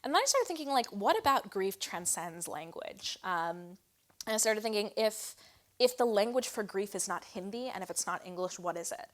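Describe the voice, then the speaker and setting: Woman giving a hushed poetry reading. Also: medium pitch, animated. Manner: measured, with soft hushed endings and frequent fillers between poems. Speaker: poet reading her work. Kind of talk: poetry reading with spoken introductions.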